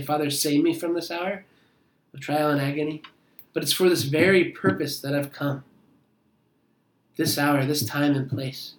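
A man's voice: a little high, echoey room, low-quality recording. A man preaching a sermon, reading scripture aloud and explaining it with earnest asides. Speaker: pastor.

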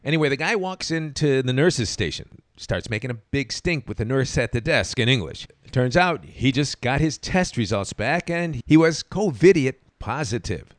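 A man's voice: medium pitch, sing-song, normal speed, few pauses, dry recording, clean studio sound. A man hosting a podcast, telling stories in a wry, sarcastic monologue. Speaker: podcast host.

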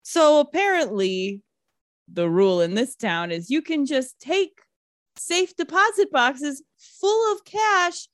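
A woman chatting as a podcast co-host, dropping deadpan-sarcastic remarks about the show. Her voice is fairly high and swings widely in pitch, recorded close and dry. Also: slow pace, no echo. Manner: wry, sarcastic asides. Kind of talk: casual chat.

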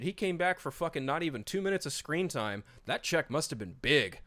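A man's voice: on the high side, animated, brisk, fairly bright tone. Swearing, exasperated male podcast host. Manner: profane, exasperated ranting. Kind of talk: casual podcast chat.

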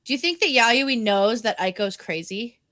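Animated, swearing woman podcast host. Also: on the high side, normal speed. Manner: animated storytelling, swears freely, acts out quotes. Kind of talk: casual chat recapping an anime.

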